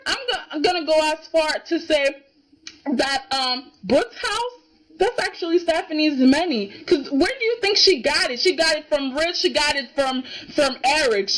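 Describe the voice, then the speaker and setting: A woman giving a casual, indignant reaction review of a soap opera, emphatic and keeps asking "okay?". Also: sits high.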